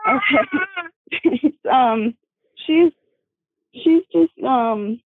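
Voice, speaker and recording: A woman's voice: a little high, no echo. Tearful young woman on a phone line. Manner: tearful, apologetic, halting, laughs often while soothing her baby. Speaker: guest telling her testimony. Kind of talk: emotional phone interview. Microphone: phone call. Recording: dry tinny phone line.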